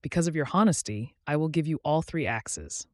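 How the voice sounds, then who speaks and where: Storybook fairy, gentle and kind, a man reading her, lilting, dry close sound. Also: on the high side, expressive, moderate pace, dry recording, natural voice. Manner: gentle, kindly.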